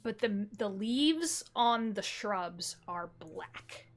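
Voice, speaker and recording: A woman narrating a tabletop game as game master, telling scenes slowly with descriptive detail and fillers. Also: mid-range voice, animated. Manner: slow, descriptive storytelling with fillers.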